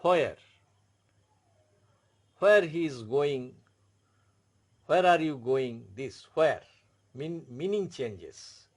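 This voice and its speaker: A man gives a language lesson in a fairly high voice. He talks very slowly and patiently, and he keeps repeating the key point so that it sinks in. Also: expressive. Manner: slow, repetitive explaining, stressing each point. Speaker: French tutor.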